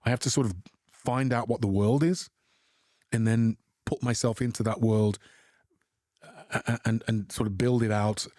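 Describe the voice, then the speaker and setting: Reflective British man with halting restarts. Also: mid-range voice, steady tone, a little mellow, no room sound, clean studio sound. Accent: British English. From England. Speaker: actor guest. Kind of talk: interview answers.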